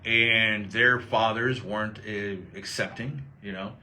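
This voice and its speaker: A middle-aged man from Texas hosting a show, telling stories in a casual, animated way and acting out quoted voices. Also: fairly low pitch, takes it slowly. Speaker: host. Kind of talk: casual storytelling chat.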